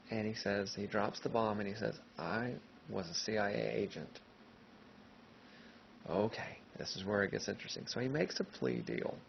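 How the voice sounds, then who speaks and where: A man's voice: on the low side, creaky. A male history teacher giving a casual, conversational classroom lecture who keeps checking in with his listeners, on a dull lo-fi recording. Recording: dull lo-fi recording, faint noise.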